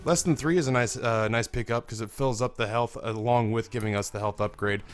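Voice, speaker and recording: A hoarse young man hosting a let's play, commentating in a rambling, candid way and swearing freely. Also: mid-range voice, fairly even intonation, a little fast, a little hiss or hum. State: hoarse, strained voice. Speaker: gaming video host.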